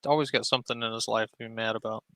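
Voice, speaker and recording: Man, host, dry mocking humor, bright tense tone, close dry mic. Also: fairly low pitch, fairly even intonation, very fast, dry recording. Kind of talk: casual joking commentary.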